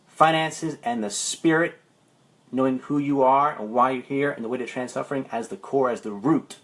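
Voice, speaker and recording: A man, a life coach, talking on a Facebook livestream, rambling through stories and then slowing into meditative phrasing. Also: mid-range voice. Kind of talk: Facebook live talk. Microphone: livestream camera.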